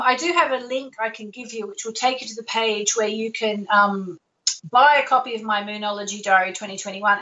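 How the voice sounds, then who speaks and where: A woman's voice: medium pitch, bright, forceful tone, distant mic, dull audio. A woman hosting an astrology call-in show, talking in a chatty, reassuring way and sometimes correcting herself.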